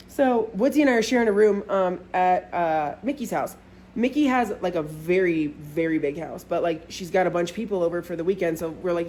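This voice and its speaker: A woman's voice: lowish voice, fast talker, mellow. A young woman telling a casual storytime vlog, chatty and swearing a lot, with plenty of "like" fillers.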